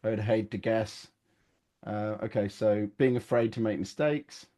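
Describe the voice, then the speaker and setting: A man's voice: lowish voice, fairly even intonation, measured pace, mellow. Dry, teasing middle-aged man. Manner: dry, teasing, mock-serious. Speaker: podcast co-host. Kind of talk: casual chat.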